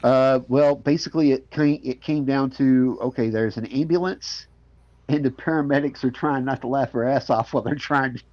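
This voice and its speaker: A man's voice: medium pitch, fairly even intonation, moderate pace. A man telling a rambling story on a casual group call, stumbling over his words and breaking into laughter. His voice sits in a middle register. The audio comes through muffled and lo-fi. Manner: laughs often, tells stories with repeated restarts. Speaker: podcast host. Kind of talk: casual chat.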